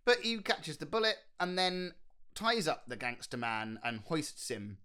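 Brief: male podcast co-host, lively and animated, bright higher-pitched voice, jokey film chatter. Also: unhurried, clean tone. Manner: animated, jokey, acts out quoted lines. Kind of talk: casual film discussion chat.

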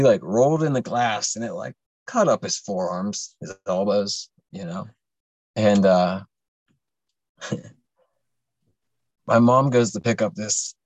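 A young adult man with a fairly low voice casually rambles through a long personal story on a podcast, swearing often and full of fillers and restarts. The recording has no echo.

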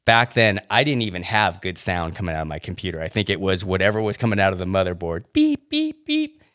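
A man's voice: deep voice, quick pace, a bit bright, dry recording, clean studio sound. A man hosting a podcast, telling nostalgic stories in casual chat with fillers. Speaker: podcast host.

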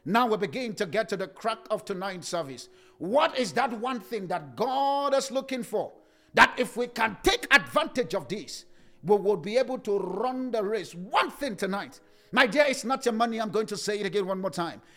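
A man preaching a sermon with passion, swinging into sing-song cadences and rising to shouts. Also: high voice, expressive, normal speed.

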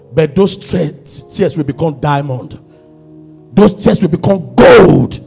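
A husky, gravelly male pastor preaching a sermon. His high voice leaps all over, rising to shouted peaks and dropping to near-murmurs, with faint music under him. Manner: preaching with sudden shouted climaxes and hushed low passages.

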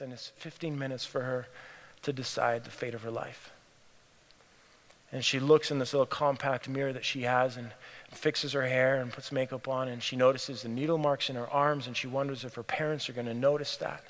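A man preaching a sermon, telling a story in an earnest way and often dropping to a hushed, near-whispered voice. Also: fairly high pitch, brisk. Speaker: pastor. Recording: long hall reverb.

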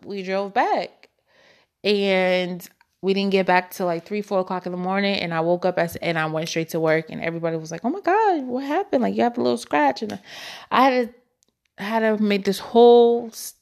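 A woman's voice: mid-range voice, gravelly. A young woman in her twenties tells a personal story straight to the camera, talking in a candid, emotional way full of slang. She takes her time over each thought. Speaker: vlogger.

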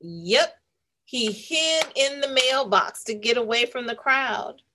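A woman's voice: on the high side, animated, a little hiss or hum. A woman hosting a read-aloud for children, reading a picture book and asking the young listeners questions. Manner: slow, warm, questioning the listeners.

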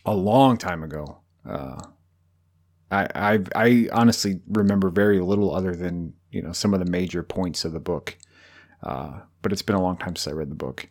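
Low-voiced rambling man chatting about films. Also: moderate pace, a little mellow. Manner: rambling, jokey, many fillers and restarts. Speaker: podcast co-host. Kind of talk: casual film discussion.

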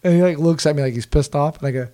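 Man with a higher voice, casual and profane storyteller, laughs often. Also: very fast, dark tone. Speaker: guest, former team video staffer.

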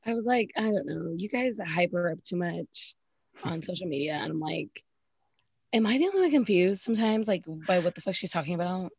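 Sassy woman with a husky voice. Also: lowish voice, lively intonation, fairly quick, a little mellow, no room sound. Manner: sassy, profane, candid opinions. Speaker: podcast co-host recapping reality TV. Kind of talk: casual chat.

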